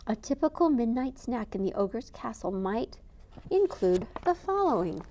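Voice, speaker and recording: A woman reading a picture book aloud to listeners with an expressive, animated delivery. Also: a little high, moderate pace. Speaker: storyteller.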